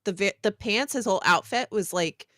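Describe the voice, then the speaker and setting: A woman joining a gaming podcast, chatting in a lively way. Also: medium pitch, a little fast, dry recording, studio quality. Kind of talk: casual chat.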